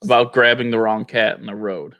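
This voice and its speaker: A man's voice: on the low side, steady tone, a little fast, no room sound, muffled recording. A man chatting casually as a podcast guest, telling a long rambling story full of "like" and restarts.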